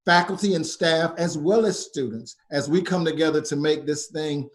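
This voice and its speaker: Halting man hosting a talk. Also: a little high. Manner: halting, many restarts and fillers. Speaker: college staff host. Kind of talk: casual interview talk.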